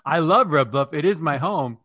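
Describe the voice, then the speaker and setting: A man's voice: on the high side, expressive, normal speed, bright, forceful tone, no echo. A man co-hosting a podcast who chats casually with a guest, telling stories with an upbeat manner and laughing easily. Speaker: podcast co-host. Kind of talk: casual interview chat.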